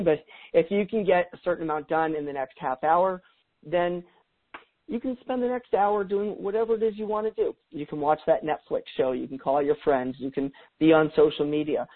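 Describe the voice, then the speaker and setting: A man's voice: fairly high pitch, narrow, tinny audio. A middle-aged man talking as a guest expert in a podcast interview, chatty, with frequent restarts and easy laughs.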